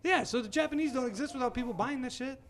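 A man's voice: very high voice, fast talker. A man in casual chat, telling stories full of swearing and laughter. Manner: profane, laughing storyteller.

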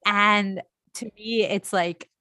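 A woman's voice: mid-range voice, fairly even intonation, takes it slowly, bright, forceful tone, no echo, clean studio sound. A woman from India, a guest on a podcast, explaining things candidly. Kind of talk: podcast interview.

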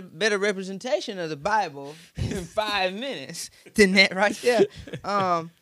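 Bright-voiced man, thoughtful co-host. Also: high voice, animated, measured pace. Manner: warm affirming listener, asks thoughtful questions. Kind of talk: casual conversation.

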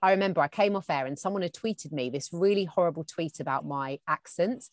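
An English woman with a lowish voice chats about her work on TV, telling stories and playing out what others said to her. The sound is close and dry, with no room around her. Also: brisk, no echo. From England. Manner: chatty storyteller, acts out quoted dialogue. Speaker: TV presenter as guest. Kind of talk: casual chat.

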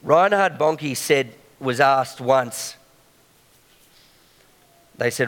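A man's voice: medium pitch, drawn-out words, long pauses, a bit bright. Man preaching in a reverberant hall. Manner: conversational, checks in with the congregation. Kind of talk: sermon.

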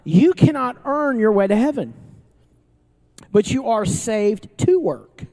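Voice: mid-range voice, expressive, slow, mellow. A pastor preaching to a live congregation in a casual, joking style, often restarting sentences and asking the crowd questions. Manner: conversational and joking, with frequent restarts; asks the audience questions. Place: church service before an audience, also streamed online.

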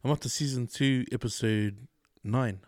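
A man co-hosting a podcast, telling stories in a relaxed casual chat and acting out other people's lines. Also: medium pitch, moderate pace, dry recording, studio quality. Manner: laid-back storytelling, mimics others in quotes. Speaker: podcast co-host.

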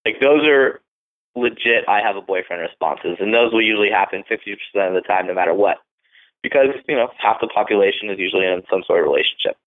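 A man hosting a dating-advice podcast, talking bluntly and casually with plenty of swearing, acting out pickup lines as he goes. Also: lowish voice. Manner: profane, blunt, acts out lines in quick asides. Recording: phone-like narrow band.

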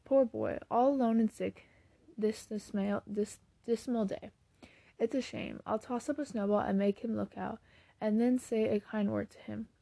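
A woman voicing a bold, lively teenage girl who talks in a brisk, cheerful way. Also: mid-range voice, creaky, no room sound. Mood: musing.

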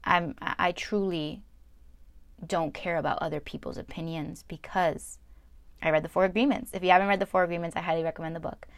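A woman's voice: fairly low pitch, steady tone, a little fast, no echo. A young woman talking candidly and earnestly to her viewers in a confessional way, often repeating words for emphasis. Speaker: vlogger. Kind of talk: candid personal talk to camera.

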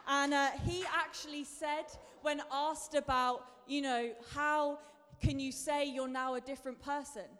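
A woman's voice: high-pitched, steady tone, a little slow, few pauses, fairly bright tone. A woman preacher giving a sermon in a chatty, self-deprecating way, building to emphatic bursts. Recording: long reverb of a large hall.

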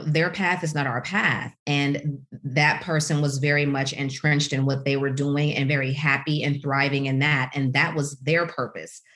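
Low-voiced woman telling her story. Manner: animated storytelling, voices quotes with big pitch leaps; frequent "you know" fillers. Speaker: guest, author. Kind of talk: podcast interview, personal story.

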